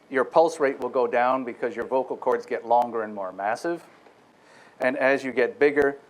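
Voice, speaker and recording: A man's voice: mid-range voice, poor audio. A man giving a technical lecture to an audience. He explains step by step, speaks directly to his listeners and often restarts his phrases. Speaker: guest lecturer.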